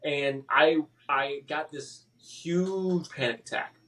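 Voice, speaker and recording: A man telling his personal story as a podcast guest, halting and emotional, with many restarts and fillers. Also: fairly high pitch, pushed and bright, far from the mic.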